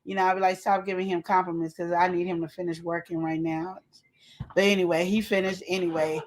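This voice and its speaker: A woman's voice: fairly low pitch, little pitch movement, a little fast. A woman hosting a casual live show, chatting and teasing as she talks straight to her viewers. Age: adult with a child. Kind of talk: casual live-stream chat.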